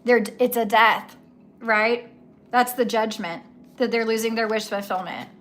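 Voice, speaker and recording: Woman, tarot reader, casual livestream reading, high voice, chatty, emphatic, repeats words. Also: steady tone, a little slow, fairly bright tone, a little hiss or hum.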